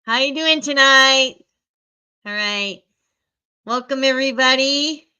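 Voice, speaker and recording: A woman's voice: sits high, slow pace, bright, forceful tone, smooth, soft background music. A woman hosting a casual livestream, greeting viewers by name and sounding a little stuffy from allergies. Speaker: livestream host.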